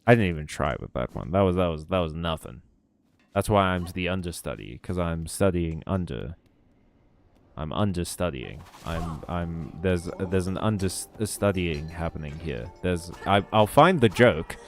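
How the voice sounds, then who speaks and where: A man's voice: low voice, lively intonation, unhurried, vocal fry. A young man streaming a game, joking and self-deprecating as he reads chat and swears freely. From South Africa. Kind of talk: casual game commentary and chat reading.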